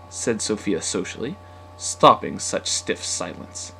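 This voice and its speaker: A man narrating an alliterative tongue-twister story with lively, expressive delivery. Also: mid-range voice, takes it slowly, a little hiss or hum.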